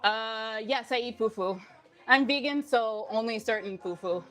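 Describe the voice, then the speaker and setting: A woman's voice: fairly high pitch, unhurried, fairly bright tone. A woman fitness instructor chatting casually with viewers on a live stream, upbeat and laughing often, a little out of breath. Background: faint music.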